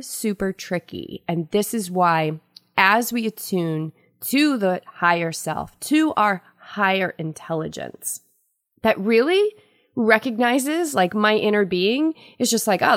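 Woman doing a self-help podcast, kinda low voice, earnest storytelling, dry close sound. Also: no echo. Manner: earnest, storytelling, animated quoting. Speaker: podcast host.

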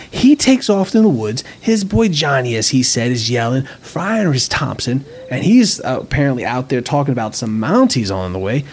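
A man with a husky voice narrates a tale in loose, streetwise slang. His pitch swings widely as he rambles, tagging his lines with "right?". It sounds like a relaxed spoken story. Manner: rambling, filler-heavy, keeps asking "right?". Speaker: reader, narrator. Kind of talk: casual slangy first-person storytelling.

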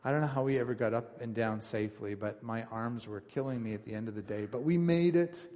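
Pastor preaching in a reverberant church hall. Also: male voice, medium pitch, fairly quick. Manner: conversational, animated storytelling with asides. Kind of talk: sermon.

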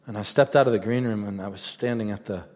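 A man preaching a sermon, telling stories conversationally and rising to fervent, shouted peaks. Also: on the low side, fast. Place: large event hall. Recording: reverberant large hall.

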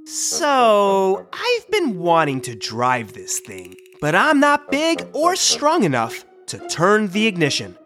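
A woman's voice: mid-range voice, huge pitch swings, slow pace, few pauses, a bit bright, soft background music, heavily acted. A woman voicing a small, bold female gopher in a storybook reading, brash, bossy and streetwise.

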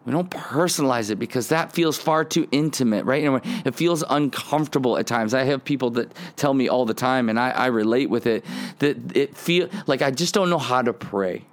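This man hosts a devotional podcast teaching on the Psalms, speaking fairly quickly at a medium pitch. His tone is earnest and conversational, and at times he acts out prayers as quoted lines.

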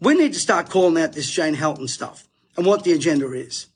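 Man, Australian accent, middle-aged, husky voice, high pitch, impassioned preachy monologue. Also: lively intonation, brisk. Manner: fired-up, emphatic, preachy. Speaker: host.

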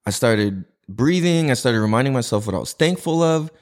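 Male podcast host, casual home monologue, lively swooping pitch, loose profane slang. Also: a little fast. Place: indoors in a house. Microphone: podcast mic with cameras recording.

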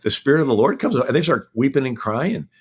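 A man appearing as a historian guest, giving a rapid-fire history lecture on a talk show and packing in facts one after another. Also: mid-range voice, very animated, husky.

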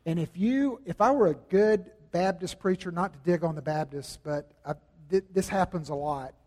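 Male pastor with a high voice, conversational sermon, booming hall reverb. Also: moderate pace, a little mellow. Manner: conversational preaching with restarts and emphatic repetition.

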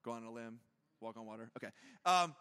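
A man's voice: mid-range voice, expressive, fairly quick, pushed and bright, clean tone, big-room sound. A man preaching a conversational sermon to his church, chatty and self-deprecating, with lots of jokes and asides. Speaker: pastor. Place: church auditorium.

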